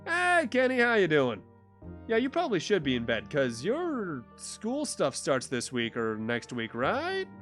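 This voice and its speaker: Man, game streamer, casual chat to viewers, lively pitch, game music behind. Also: measured pace. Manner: chatty, talks to chat. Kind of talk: casual gameplay commentary.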